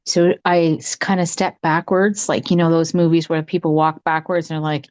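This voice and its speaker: A woman's voice: normal speed, no echo. A middle-aged woman, a psychic podcast co-host, telling a true ghost story in casual chat and acting out the quoted voices. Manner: animated, acts out quotes with big pitch jumps.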